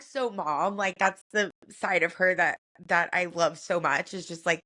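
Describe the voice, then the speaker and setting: A woman co-hosting a podcast, telling a personal family story in a soft, reflective way with many casual fillers. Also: medium pitch, moderate pace, few pauses. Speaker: podcast co-host.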